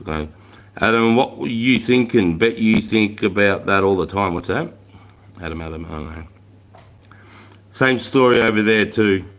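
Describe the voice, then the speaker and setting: A man's voice: fairly low pitch, moderate pace, long pauses. An Australian man in his forties hosting a casual livestream, telling blunt, profane stories and chatting with viewers. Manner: blunt, swearing, slangy storyteller. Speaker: livestream host. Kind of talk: casual livestream chat, reading comments.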